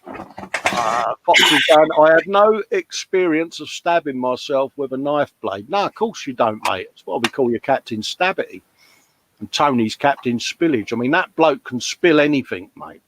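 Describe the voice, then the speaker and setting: A man's voice: medium pitch, expressive, moderate pace, noisy background. A man hosting a live modelling stream, chatting casually and bantering with viewers' comments. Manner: chatty, matey, jokey banter. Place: hobby workshop at a bench.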